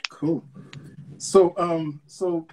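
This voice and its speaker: A man hosts a laid-back interview, drawing his questions out at a very slow pace. His voice is husky and breathy. He sounds a little distant from the mic. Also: on the high side, steady tone, mellow. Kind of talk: casual interview chat.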